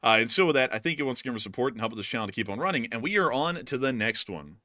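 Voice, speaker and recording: A young man co-hosting a casual livestream, his voice bright and forward with a lively, excitable manner. The sound is close and dry, with almost no room around him. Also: mid-range voice, very fast, dry recording. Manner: excitable, laughing, many fillers. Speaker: co-host of a news livestream.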